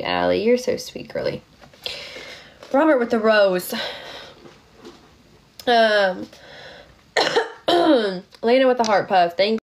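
A young woman, sick and tired, chatting casually on a phone livestream, thanking viewers with lots of fillers. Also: medium pitch.

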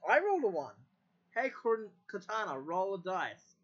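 In a dull lo-fi recording made away from the mic, a person tests a voice assistant by casually issuing commands, repeating them and muttering curses. Their voice sits at medium pitch with big swings, a normal speed, a slightly bright tone and a breathy edge.

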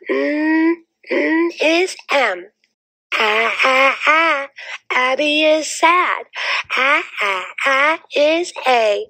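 A woman's voice: high-pitched, expressive, very slow, pushed and bright, dry recording. A woman teacher leading young children in a sing-song phonics chant, sounding out letters rhythmically.

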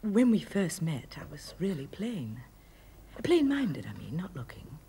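A wistful wife in an old tv drama, speaking her letter in a low, breathy near-whisper. Her pitch sits fairly low yet swings freely as she recalls the past. The tone stays soft and intimate throughout. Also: huge pitch swings, unhurried, heavily acted. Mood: tender, nostalgic. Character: wife fondly recalling early courtship. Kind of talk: 1970s television drama, letter voice-over.

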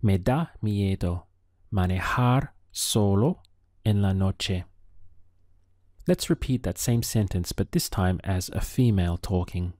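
A man teaching a language lesson, enunciating each phrase slowly and carefully. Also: low-pitched, a little mellow, no room sound, studio quality.

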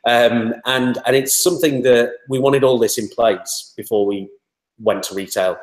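A man's voice: medium pitch, fairly even intonation, moderate pace, roomy sound. A man being interviewed, talking in a chatty, rambling way with many fillers. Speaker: interview guest, toy startup spokesman. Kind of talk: casual interview talk.

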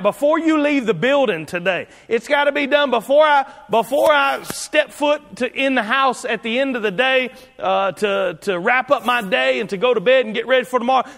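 A man preaches in a high, light voice. He talks in a homespun, conversational way, circling back and restarting his sentences. His voice rings with the long reverb of a church sanctuary. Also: a bit bright. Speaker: pastor. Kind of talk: sermon.

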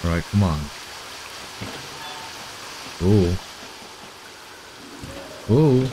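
A young man streaming live and commenting on a game as he plays. He jokes along and jumps into high, excited cries. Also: unhurried, background noise. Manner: reactive, jokey, breaks into high excited exclamations. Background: game music.

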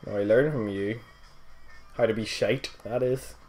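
A man's voice: fairly low pitch, steady tone, a little slow, darkish tone, soft background music, low-quality recording. A young man playing and chatting in a let's play, dry and crude, teasing his co-host. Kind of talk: casual gaming chat.

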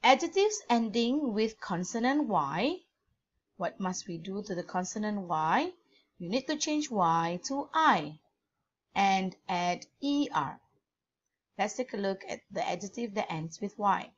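Slow-spelling Malaysian English teacher. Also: female voice, mid-range voice, lively intonation, dull audio. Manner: spells words letter by letter, slow and deliberate. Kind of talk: grammar lesson.

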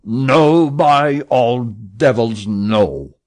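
A man voicing a furious, blustering sea captain who bellows his lines slowly and explosively. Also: mid-range voice. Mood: enraged. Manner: roaring, slow and explosive.

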